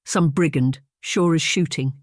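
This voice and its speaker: A narrator voicing a drunken, bitter Scottish laird, gruff and scornful, with a Scottish accent. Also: mid-range voice, measured pace, dry recording, clean studio sound, lightly acted. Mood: angry.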